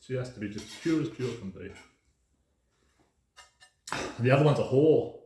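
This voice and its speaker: A man's voice: mid-range voice, animated, moderate pace, warm tone, slight background noise. A man delivering an emphatic, ranting casual monologue as a podcast host, swearing freely. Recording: roomy echo.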